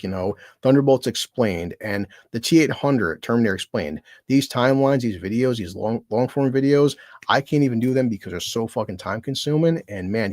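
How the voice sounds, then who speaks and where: A man chats loosely on his livestream, rambling from one friend to the next and swearing freely. His voice sits at an everyday middle pitch. The sound is dry, with almost no room around it. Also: a little mellow, no echo. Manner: rambling, profane, self-deprecating; laughs between remarks. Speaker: streamer thanking fellow creators. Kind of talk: casual livestream chat.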